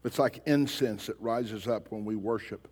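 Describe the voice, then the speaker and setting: Fairly low and darkish, with a breathy edge, a pastor's voice moves at normal speed through an emphatic sermon full of pointed questions for his congregation. The church sanctuary's long reverb sounds like a large hall.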